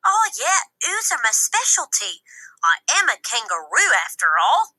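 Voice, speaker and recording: A woman's voice: sits high, wildly swooping pitch, normal speed, pushed and bright, heavily acted, poor audio. A woman voicing a cheerful female kangaroo in a children's cartoon, with a sing-song, playful manner. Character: cheerful female kangaroo who loves letters.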